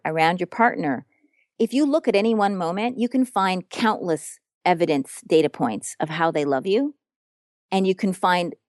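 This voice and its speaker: A woman's voice: lowish voice, a little mellow, no echo, studio quality. A woman relationship coach talking in an earnest, frank and emphatic way during a podcast interview.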